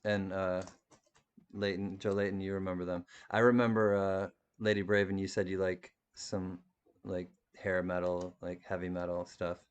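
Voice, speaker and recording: With a low voice, little pitch movement, and a clean tone, this man speaks at normal speed. He's hosting a live stream and reading viewer chat, rambling casually. Frequent laughter and many restarts mark his talk.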